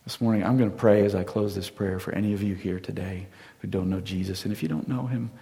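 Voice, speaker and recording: A man preaching a sermon as pastor, telling a story that swings from loud emphasis down to near-whispers. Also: sits low, fairly even intonation, quick pace, creaky. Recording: long hall reverb.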